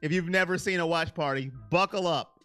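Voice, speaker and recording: A man hosting a casual live stream on sports, answering his viewers' chat by name in an animated, self-confessed emotional way. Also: a little high, a little fast, clear, resonant tone, no echo, faint music behind.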